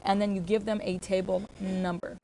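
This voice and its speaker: A woman's voice: mid-range voice, flat delivery, moderate pace, warm tone, a little hiss or hum. Woman explaining restaurant procedures to staff. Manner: explanatory, with fillers and self-corrections. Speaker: restaurant trainer. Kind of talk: staff training talk.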